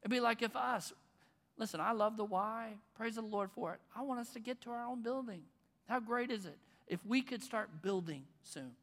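A pastor preaching a conversational sermon, with bursts of loud emphasis. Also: male voice, sits high, moderate pace. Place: church auditorium. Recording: long reverb in a large hall.

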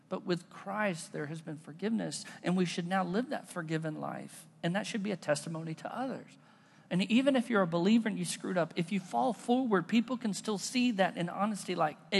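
In a large hall with long reverb, a man preaches as a pastor, mixing stories into a relaxed, conversational sermon. He has a high-pitched, slightly rough voice with vocal fry.

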